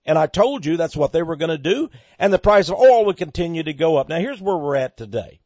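Man, high animated voice, preaching commentary, emphatic, rhetorical questions, dry dull lo-fi sound. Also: fairly quick, no room sound. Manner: emphatic, rhetorical questions, swinging loud and soft. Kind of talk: preaching commentary on economic news.

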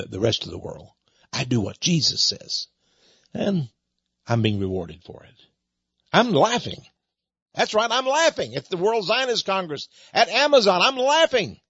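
A man's voice: fairly high pitch, a bit bright, husky, no echo, dull audio. A man hosting a radio ministry show, delivering a preachy talk radio monologue, chuckling often and repeating words as he goes.

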